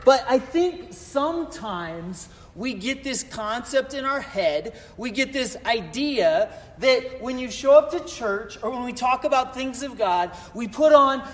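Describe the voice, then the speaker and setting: A pastor telling a chatty, self-deprecating story from the pulpit. His voice sits high for a man. It carries a long echo through the church sanctuary. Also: expressive, a little slow, few pauses. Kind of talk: sermon.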